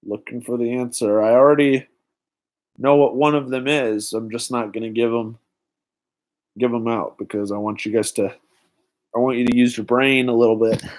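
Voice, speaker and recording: A young man hosting a live-stream trivia night, excitedly greeting viewers in the chat by name. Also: medium pitch, normal speed, pauses often. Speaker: livestream host.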